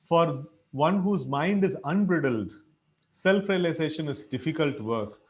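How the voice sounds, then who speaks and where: A man leading a scripture reading, coaching pronunciation in a halting way with frequent fillers and self-corrections. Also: fairly high pitch, animated. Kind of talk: pronunciation lesson, online class.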